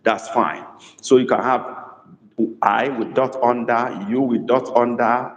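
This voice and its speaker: Man teaching slowly, echoey room. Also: medium pitch, steady tone, highs cut off. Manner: slow, repeated dictation of phrases, encouraging students by name. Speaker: language teacher. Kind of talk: live online lesson. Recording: echoey room with long reverb.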